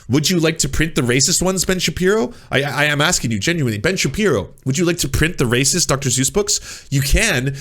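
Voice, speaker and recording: A man's voice: fairly high pitch, a bit bright. Sarcastic man reacting to clips. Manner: sarcastic, mocking, rising to exasperated emphasis. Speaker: commentary channel host. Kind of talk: reaction commentary.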